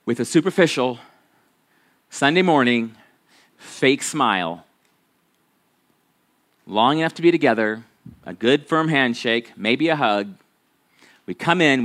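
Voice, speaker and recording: A man's voice: mid-range voice, fairly bright tone. A man, a pastor, preaching a sermon in a conversational, folksy storytelling manner with frequent restarts.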